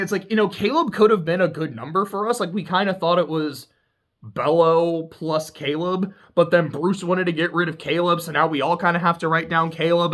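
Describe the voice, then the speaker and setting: A man's voice: sits high, a bit bright. A man chatting casually as he recaps a TV show, rambling and swearing freely.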